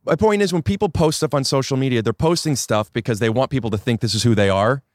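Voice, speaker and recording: A male comedian guest on a podcast outdoors, chatting casually with wry, deadpan jokes. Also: medium pitch, fast, dry recording, studio quality. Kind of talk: casual chat.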